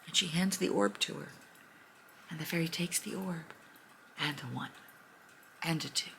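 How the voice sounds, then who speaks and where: Woman storyteller, fairy tale, expressive, gravelly fry, bright tone. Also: low voice, normal speed, a little hiss or hum, low-quality recording. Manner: animated and expressive.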